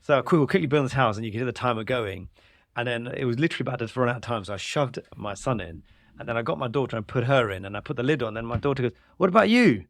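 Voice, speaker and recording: A man around forty co-hosting a podcast, telling quick, laughing stories in casual chat. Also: mid-range voice, no echo. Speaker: podcast co-host.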